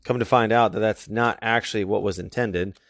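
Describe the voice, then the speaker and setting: A man's voice: fairly low pitch, steady tone, normal speed, fairly bright tone, no echo, studio quality. A man preaching as a youth pastor, earnest and emphatic, reading verses aloud. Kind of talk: sermon with scripture reading.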